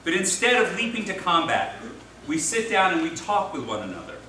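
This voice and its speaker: A man, a rabbi, addresses an interfaith dinner with a somewhat high voice and a folksy storyteller's manner. He is picked up from a distance in a reverberant hall, with clear background noise. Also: big pitch swings, a little fast, sharp tone. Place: large hall. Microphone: distant mic. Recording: echoey hall from far off, noisy.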